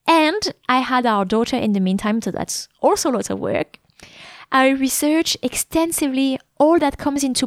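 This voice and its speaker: A woman's voice: on the high side, no room sound, studio quality. A woman in her thirties with a French accent, a French teacher explaining her course in a chatty way, often stopping to say sample sounds. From France. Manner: chatty, many fillers, demonstrates sounds.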